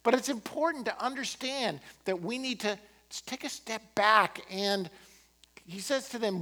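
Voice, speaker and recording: A man preaching a sermon as pastor, impassioned, swinging from emphatic peaks to quiet, earnest moments. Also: high voice, unhurried. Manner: impassioned, rising to emphatic peaks then dropping to quiet prayer.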